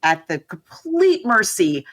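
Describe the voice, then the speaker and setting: A woman co-hosting a podcast, chatting casually and animatedly with quick asides. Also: mid-range voice, sing-song, a bit bright, dry recording, studio quality. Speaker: podcast co-host. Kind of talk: casual chat.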